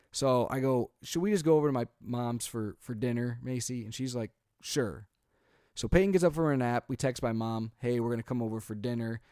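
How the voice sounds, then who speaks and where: A man's voice: medium pitch, no room sound, studio quality. A man in his thirties, a father co-hosting a podcast, telling a long family story casually, acting out quotes and filling gaps with "like" and "um". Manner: animated storyteller, acts out quotes, frequent "like" and "um". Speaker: podcast co-host.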